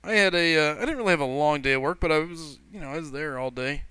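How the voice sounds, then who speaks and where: A man's voice: a little high, fast, pushed and bright, clear, resonant tone, dry recording. A man hosting a gaming livestream in casual chat, greeting viewers and reading their messages aloud in a loose, rambling way. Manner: loose and rambling, with frequent fillers and self-corrections.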